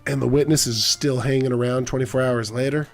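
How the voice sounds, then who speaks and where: A man's voice: medium pitch, steady tone, a little fast, faint music behind, lightly acted. A man voicing a wisecracking male cat detective in a film-noir game, asking dry, joking questions.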